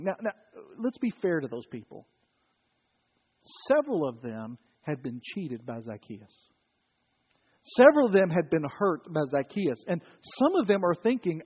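A man's voice: fairly high pitch, sing-song, moderate pace, slightly rough. A male pastor preaching a sermon in a conversational, storytelling way with wry humor. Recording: dull, reverberant church recording.

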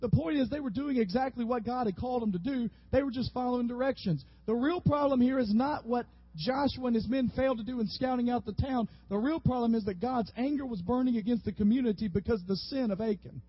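A man preaching a sermon as a pastor, lively and animated, sometimes acting out the people in the story. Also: extremely high pitch, fast, few pauses, husky, dry recording. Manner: animated, acts out biblical figures with rising voice. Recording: dull, slightly lo-fi audio.

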